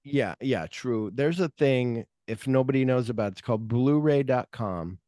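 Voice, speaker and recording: A man's voice: medium pitch, moderate pace, warm tone, no echo, studio quality. A man hosting a podcast, chatting casually about movies in a loose, rambling way with lots of filler words. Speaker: podcast host. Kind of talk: casual film chat.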